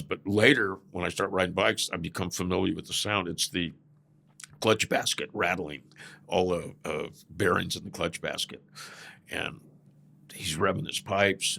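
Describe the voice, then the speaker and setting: Deep, gravelly older man telling stories. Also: pushed and bright. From Southern California. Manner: rambling storyteller, often says "man". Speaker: podcast guest, former biker club president. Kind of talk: casual storytelling interview.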